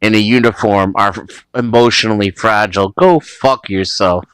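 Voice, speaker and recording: A man's voice: lowish voice, normal speed, fairly bright tone, clear, resonant tone, no room sound. A man speaking bluntly and defiantly, with profanity, in a casual group chat.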